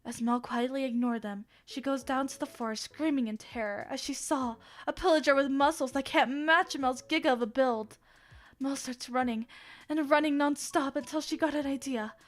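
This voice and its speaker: A young adult woman streamer reading fan fiction aloud on a livestream, theatrical and lively, breaking off often to laugh and make asides. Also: high voice, normal speed.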